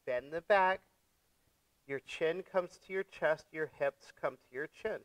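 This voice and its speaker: A man teaching a yoga class, giving gentle step-by-step cues for breath and poses, playful with his young students. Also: on the high side, unhurried, no echo, poor audio. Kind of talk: guided yoga class instruction.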